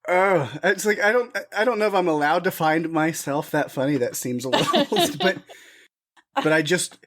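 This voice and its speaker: A man co-hosting a podcast talks in a very lively voice that swings up and down as he speaks. He keeps giggling and poking fun at himself, laughing through his words until tears come. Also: fairly high pitch, moderate pace. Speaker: podcast co-host. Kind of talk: casual podcast chat.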